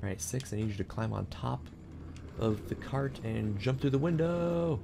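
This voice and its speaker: A man's voice: medium pitch, lively intonation, moderate pace, vocal fry, background noise. A man commenting casually on a game as he plays, joking and talking to the character on screen. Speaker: gaming channel host. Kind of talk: casual let's-play commentary. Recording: game music playing behind.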